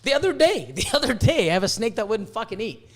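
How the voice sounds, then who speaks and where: A man hosting a casual podcast, rambling and swearing as he tells animated stories, hot and sweating in his room. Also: high voice, fast. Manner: profane, rambling, animated storytelling. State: sweating, overheated. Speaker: podcast host, reptile breeder. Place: hot indoor room with a fan.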